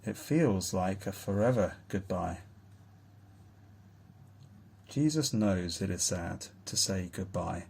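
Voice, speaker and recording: A man reading a children's Bible story aloud in a slow, tender storytelling manner. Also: low-pitched, animated, vocal fry, darkish tone, breathy edge. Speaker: reader.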